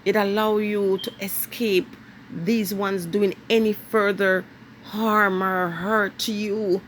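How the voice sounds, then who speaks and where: A woman's voice: mid-range voice, flat delivery, slight background noise. Emphatic lecturing Jamaican woman. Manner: emphatic, lecturing, drawn-out stresses. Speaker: vlogger. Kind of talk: direct-to-camera monologue.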